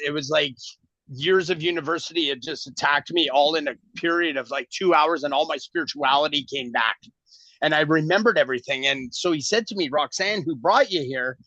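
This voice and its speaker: A man's voice: a little high, brisk, bright, forceful tone, no room sound. A middle-aged man from Canada, a guest telling a long story in a casual interview and acting out the dialogue. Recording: dull lo-fi audio.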